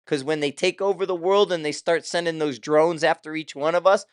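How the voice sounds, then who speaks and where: A man's voice: fairly high pitch, fairly even intonation, a little fast, clean tone, no echo, studio quality. An older man hosting his own show, talking in a casual, rambling way with loose, profane asides. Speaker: show host.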